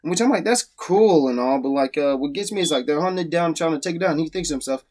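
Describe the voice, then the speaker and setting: A man rants through a casual book review, swearing freely in an exasperated, mocking tone. His voice sits a little higher than most men's. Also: animated, a little fast.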